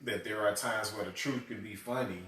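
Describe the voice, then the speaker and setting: A man's voice: lowish voice, normal speed, distant mic, a crowd in the background. A man in casual conversation, laid-back and slangy, laughing often as he tells stories. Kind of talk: casual chat. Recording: roomy echo from off-mic.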